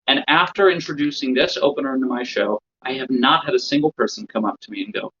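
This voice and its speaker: A man's voice: medium pitch, fast talker, hardly any pauses, sharp tone, slightly rough. A man lecturing other magicians, explaining a routine step by step and checking in with listeners as he goes. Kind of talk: instructional lecture. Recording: slightly dull lo-fi recording.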